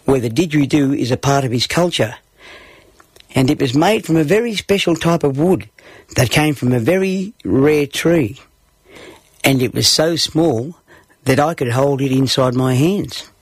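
Husky Australian man telling a story. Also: a little high, no room sound. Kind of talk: narrated personal story.

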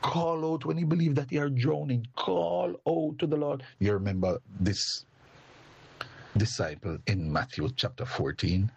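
A man preaching a sermon slowly and deliberately, his pitch sweeping up and down as he addresses the congregation. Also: lively intonation, creaky, a little mellow, husky, dull audio.

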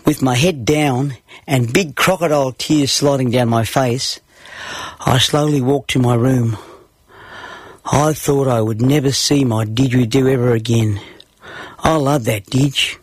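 A man's voice: medium pitch, unhurried, slightly rough, dry recording. A man with an Australian accent telling a story from his own childhood. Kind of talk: narrated personal story.

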